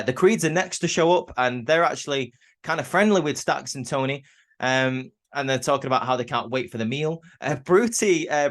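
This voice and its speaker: A man's voice: mid-range voice, fairly bright tone. A man casually recapping a wrestling show, talking loosely with lots of fillers and restarts. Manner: chatty, many fillers and restarts.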